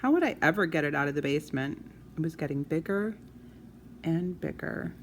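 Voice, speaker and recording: Soft-voiced woman reading a children's book. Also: sits low, animated, a little fast, a little hiss or hum. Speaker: storyteller.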